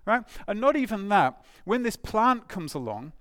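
Guy preaching a sermon, voice swings up and down a lot, kinda higher pitched, dry close sound. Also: unhurried, dry recording. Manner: animated, emphatic, with restarts and rhetorical questions.

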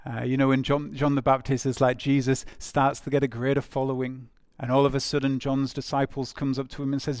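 A man's voice: medium pitch, level tone, fairly quick, few pauses, a little mellow, no echo, clean studio sound. A man preaching a sermon in a conversational way, repeating phrases for emphasis with frequent fillers.

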